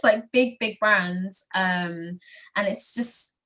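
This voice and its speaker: A woman speaking in a mix of RP and South London accents, chatting as a singer and voiceover guest in an expressive, slightly dramatic way with frequent laughter. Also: medium pitch, slow. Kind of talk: casual interview chat.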